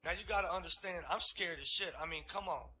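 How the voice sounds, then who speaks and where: A man doing a stand-up comedy set, telling a story in an animated, profane way and chuckling through his lines. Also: high-pitched, fast.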